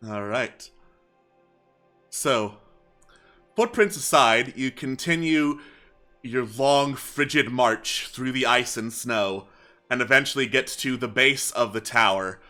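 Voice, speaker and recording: Male game master, very bright voice, narrates scenes, fills pauses with "uh". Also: mid-range voice, soft background music. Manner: descriptive narration with frequent fillers.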